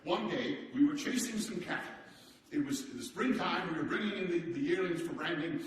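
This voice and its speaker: A man's voice: fairly high pitch, a little fast, lightly acted. A man playing a hearty old-time statesman. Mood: genial. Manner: theatrical, animated storytelling with chuckles. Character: hearty boastful turn-of-the-century male statesman. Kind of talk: live historical character monologue. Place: large hall with a seated audience. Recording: echoey hall, distant mic.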